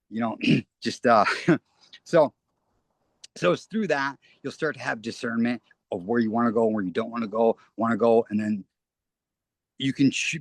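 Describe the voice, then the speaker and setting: A man's voice: medium pitch, creaky, husky, dry recording. A man talking as an interview guest, rambling earnestly and often restarting his phrases. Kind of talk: casual spoken interview.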